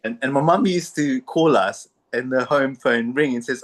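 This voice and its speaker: A man as a podcast guest, telling family stories in conversation in an animated way and laughing often. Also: mid-range voice, moderate pace. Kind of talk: storytelling in conversation.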